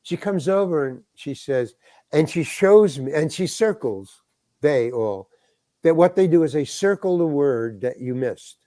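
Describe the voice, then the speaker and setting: A man's voice: on the high side, animated, unhurried, warm tone, no room sound, clean studio sound. Rambling older man telling a story. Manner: rambling storyteller, acts out quoted voices, restarts often. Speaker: guest actor telling a story. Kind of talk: casual anecdote.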